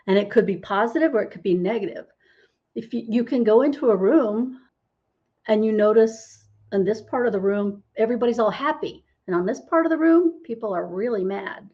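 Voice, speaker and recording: A woman's voice: fairly high pitch, brisk, highs cut off. A middle-aged woman, a holistic healer, explaining as a podcast interview guest and often asking "right?" to check in. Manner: explanatory, tags lines with "right?".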